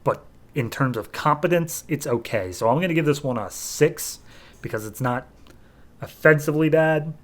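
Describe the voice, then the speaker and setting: A man's voice: a little high, normal speed. Man casually reviewing a comic, sarcastic. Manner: loose, sarcastic retelling full of "like". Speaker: comic book podcast host.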